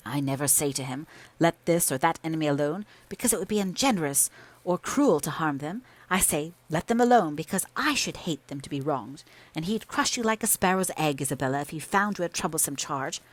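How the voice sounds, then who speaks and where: A woman's voice: low-pitched, no echo. A woman doing a scornful, proud young mistress. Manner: scornful, emphatic. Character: proud, sharp-tongued young mistress of the house.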